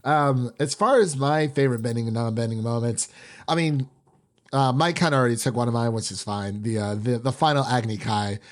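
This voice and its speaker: A man's voice: medium pitch, a little fast. Laid-back man hosting a podcast. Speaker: podcast host. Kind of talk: casual podcast discussion.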